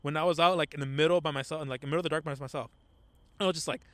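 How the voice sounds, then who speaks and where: A young man co-hosting a podcast outdoors at night, rambling excitedly with lots of swearing into a microphone. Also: fairly high pitch, very fast, no echo. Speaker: podcast co-host. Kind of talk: casual chat.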